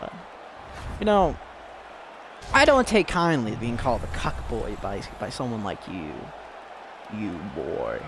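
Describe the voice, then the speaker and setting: Slow-talking, giggly male game commentator. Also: mid-range voice, background noise. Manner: excitable, giggly, rambling. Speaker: streamer commentating a fighting game. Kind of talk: casual play-by-play commentary.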